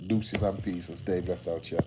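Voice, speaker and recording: A man's voice: deep voice, steady tone, normal speed, background noise. A man chatting on a late-night livestream, sleepy and yawning, rambling in laid-back slang and swearing freely.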